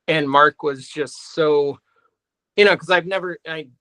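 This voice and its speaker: A man, a guest musician, answering in a halting way full of pauses and restarts. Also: fairly high pitch, steady tone, bright, forceful tone, no echo, low-quality recording. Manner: halting, many fillers and restarts. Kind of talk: casual interview chat.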